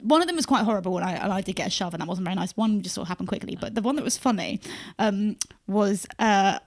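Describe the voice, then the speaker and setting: A woman's voice: medium pitch, expressive, fast talker. A woman hosting a casual comedy chat, telling stories in a giggly, self-deprecating way. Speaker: podcast host.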